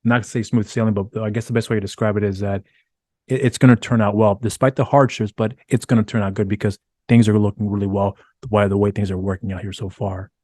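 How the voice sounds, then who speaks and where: A man's voice: fairly low pitch, little pitch movement, quick pace, darkish tone, no echo, clean studio sound. A male interviewer asking long, rambling questions in a casual conversation.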